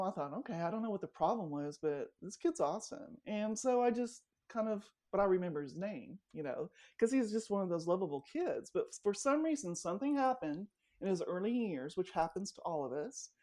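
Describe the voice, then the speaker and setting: Middle-aged woman, podcast guest, lively storyteller, casual chat. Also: medium pitch, fairly quick, hardly any pauses. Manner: animated storyteller, acts out quoted dialogue. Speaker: guest, life coach.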